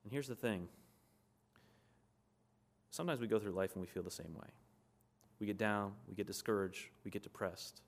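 Male preacher, low-pitched, earnest conversational sermon delivery. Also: moderate pace, pauses often.

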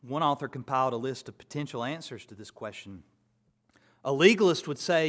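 A man preaching a sermon, expounding scripture and building to loud, emphatic contrasts before dropping back down. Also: a little high, lively intonation, a little fast.

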